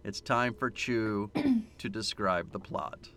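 A man's voice: fairly low pitch, slow, a bit bright. A man co-hosting a casual movie podcast, teasing his co-host and dropping film trivia.

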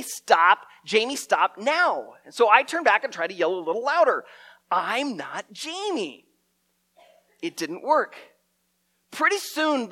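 A middle-aged man telling a story as a preacher, animated and often repeating his words. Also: high-pitched. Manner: lively storyteller, acts out shouted quotes, stumbles and repeats words.

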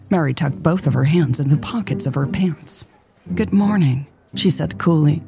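A woman narrating a romance story in a calm, even storytelling voice. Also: sits low. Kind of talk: scripted audiobook narration.

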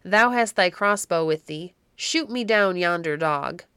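A woman's voice: on the low side, expressive, unhurried, a bit bright, clean tone, dry recording, studio quality. A woman voicing a furious, cruel baron barking orders at his men in a storybook reading. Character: furious vengeful male baron, cruel commander.

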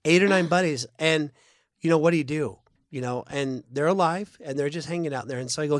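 A man hosts a casual church podcast with a voice that sits a little high for a man. He tells stories in an animated way, full of quick restarts. The sound is dry and close, with no room echo. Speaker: podcast host. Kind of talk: casual chat.

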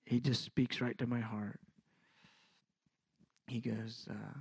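A middle-aged man, preaching a sermon in a conversational, animated way that builds in intensity. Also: mid-range voice, slow pace, creaky, long pauses, husky, no room sound.

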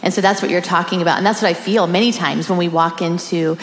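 A woman's voice: lowish voice, fairly even intonation, fast, long reverb tail. A woman co-hosting a faith-based conversation, speaking sincerely and affirmingly. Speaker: co-host.

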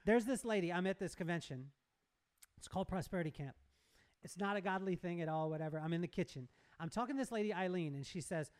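A man's voice: high-pitched, expressive, quick pace. A man telling a story with animation in a casual chat, acting out dialogue and laughing often. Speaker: guest speaker.

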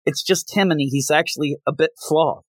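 A man hosting a podcast, chatting casually about comic books and retelling scenes with quick voiced quotes. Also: fairly high pitch, no echo. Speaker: podcast host. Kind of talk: casual comic book review chat.

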